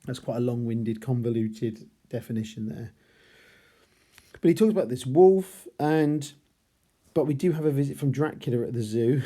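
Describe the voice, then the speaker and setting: A man's voice: mid-range voice, moderate pace, mellow. A man teaching literature, talking through a novel chapter by chapter, thinking aloud with hesitant restarts.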